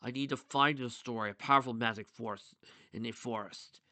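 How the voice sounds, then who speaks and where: An imperious male goat villain, voiced by a man, dropping into a lower, quieter register to issue curt, cold orders. The sound stays dry and close, with a bright edge. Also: moderate pace, no echo, natural voice. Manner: low, clipped, commanding.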